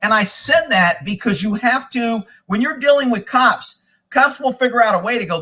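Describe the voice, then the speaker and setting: A man spins a profane story on a live show, his voice high and bright. He swears freely and acts out the people he quotes. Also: animated, normal speed. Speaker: host. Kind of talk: casual live-stream storytelling.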